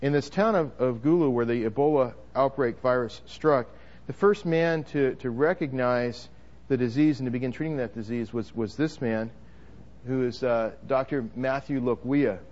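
A man's voice: mid-range voice, normal speed, a little mellow, muffled recording. A man preaching a sermon to a congregation, emphatic, with frequent restarts and repeated words. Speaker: pastor.

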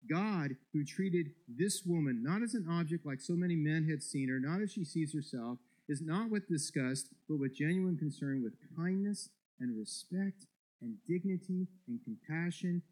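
A man's voice: on the high side, lively intonation, normal speed, a little mellow, poor audio. A male pastor preaching a sermon, emphatic and repeating words as he builds each point.

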